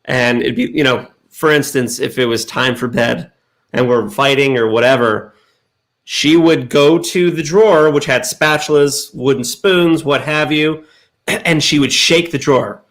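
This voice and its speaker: A man telling a lively childhood story in casual chat, acting out the sounds and voices. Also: medium pitch, unhurried. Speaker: co-host.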